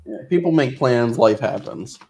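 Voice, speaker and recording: A man co-hosting a casual livestream chat, relaxed with a dry sense of humor. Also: medium pitch, moderate pace, vocal fry, breathy edge. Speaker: co-host.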